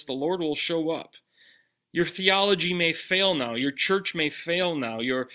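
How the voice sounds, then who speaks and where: A pastor delivers a sermon conversationally in a pushed, bright voice, posing direct questions to his listeners and lowering his voice on the key lines.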